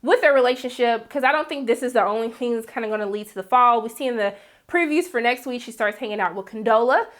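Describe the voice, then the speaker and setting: A woman's voice: on the high side, fast talker. A woman giving a casual TV episode recap, sassy and blunt, with slangy asides.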